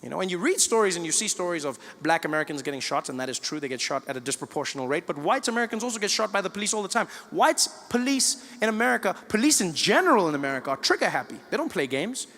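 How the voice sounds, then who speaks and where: A man with a South African accent doing stand-up comedy, animated and playing the people in his stories. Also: high voice, rapid-fire, few pauses, in a large hall. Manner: animated, switches into playful character voices. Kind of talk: stand-up comedy with acted dialogue.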